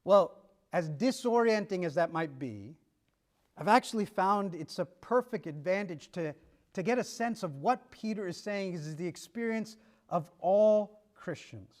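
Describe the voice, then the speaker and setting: A man's voice: sits high, lively intonation, measured pace. A middle-aged man preaching, telling stories and acting out dialogue with shifts of pace and volume. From United States. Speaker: pastor. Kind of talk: sermon.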